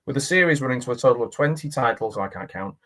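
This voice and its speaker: A man's voice: medium pitch, expressive, quick pace, fairly bright tone. A man giving a casual, jokey film commentary as host, chatting and laughing at the film.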